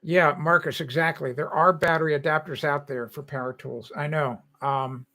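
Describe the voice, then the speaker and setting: A man's voice: on the high side, steady tone, moderate pace, sharp tone. An older man hosting a live stream, chatting casually with viewers in a rambling way and laughing often.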